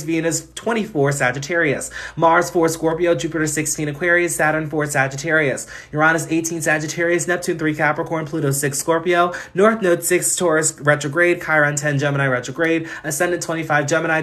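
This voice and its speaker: A man whose voice sits on the high side with a fairly bright tone runs a live stream of casual astrology readings. He's chatty, laughs a lot, and reels off one chart placement after another.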